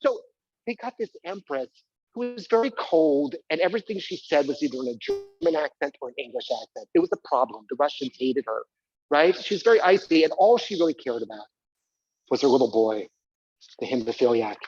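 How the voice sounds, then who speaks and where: A man's voice: fairly high pitch, animated, brisk, darkish tone, slightly rough, muffled recording. A man performing a live one-man stage show, talking theatrically and prodding the audience to join in. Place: community center stage.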